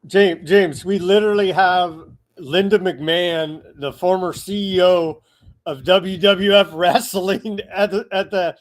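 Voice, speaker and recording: A man's voice: high voice, fairly even intonation, measured pace. A man hosting an interview, eager and agreeing, asking probing questions. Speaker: host. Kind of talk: interview conversation.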